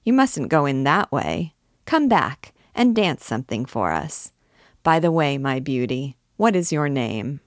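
A woman's voice: a bass voice, sing-song, a little slow, no echo, studio quality, exaggerated voice. A woman reading the part of a bold young male army captain, brash and commanding.

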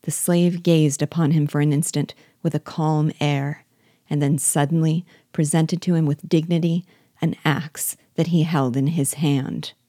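A woman reads a classic novel aloud at a slow, measured pace. Her voice is low and warm, and the recording is close and dry with no room sound. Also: fairly even intonation, no room sound. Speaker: reader and teacher.

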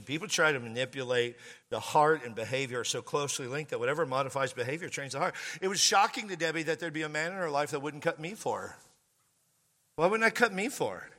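High, bright-voiced pastor telling jokes. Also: male voice, big-room sound. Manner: joking, exaggerated, bursts into shouts. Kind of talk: humorous sermon storytelling.

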